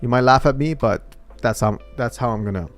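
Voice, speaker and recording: A man's voice: mid-range voice, brisk, soft background music. A man vlogging and thinking aloud in a casual, hesitant way, often trailing off mid-thought.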